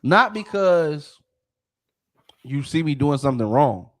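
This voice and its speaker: A man's voice: a little high, very animated, slow. A man hosting a podcast, ranting in a heated, profane way and often restarting his sentences. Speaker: podcast host. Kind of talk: casual podcast rant.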